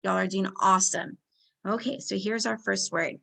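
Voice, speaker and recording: Lady teacher doing phonics, sounds out each word slow, bright sharp voice with some gravel. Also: mid-range voice, fairly even intonation. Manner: slow, encouraging, sounds out words and blends. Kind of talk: phonics lesson for young children.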